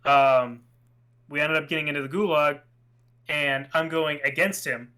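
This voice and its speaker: A young man co-hosting a podcast, telling gaming stories in a lively, casual way and acting out the voices in them. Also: a little high, moderate pace, clear, resonant tone. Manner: animated storyteller, acts out voices in his anecdotes. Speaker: podcast co-host. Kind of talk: casual chat.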